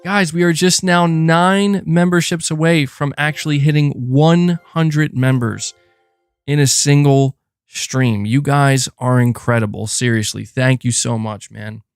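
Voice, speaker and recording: A man hosting a casual gaming live stream, reading and answering super chats in a chatty, animated way with frequent fillers. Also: on the high side, unhurried, smooth, no room sound, studio quality. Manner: chatty and animated, thanks donors, frequent fillers and self-corrections. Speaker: gaming channel host.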